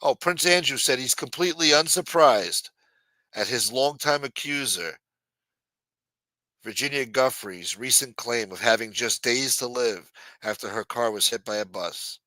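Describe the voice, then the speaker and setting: A man's voice: mid-range voice, measured pace, bright, forceful tone, dry recording, rough recording. A man hosting a late-night livestream who rants casually and reads news aloud in a profane, blunt and mocking manner. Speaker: livestream host. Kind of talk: casual ranting commentary.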